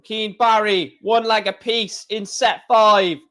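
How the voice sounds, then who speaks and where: A man giving casual live reaction commentary on a darts match, chatty and excitable, with hiccups. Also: high voice, slow pace. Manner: excitable, chatty, sings along with crowd chants.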